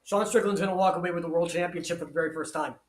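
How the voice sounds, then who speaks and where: A man's voice: on the high side, steady tone, racing, echoey room. A man giving crude, profane live commentary on a fight, swearing constantly and reading out viewer comments. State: shouting with excitement.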